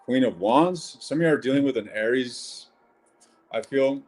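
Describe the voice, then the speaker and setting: A man's voice: medium pitch, normal speed, darkish tone, soft background music. A man giving a casual live-stream tarot reading, blunt and chatty, swearing and calling viewers ladies and gents.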